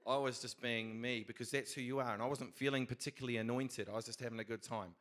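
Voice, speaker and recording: A middle-aged Christian man with a New Zealand accent tells his testimony of faith in a casual, rambling, earnest way, restarting often. His mid-range voice is fast, fairly bright, and fairly even in intonation.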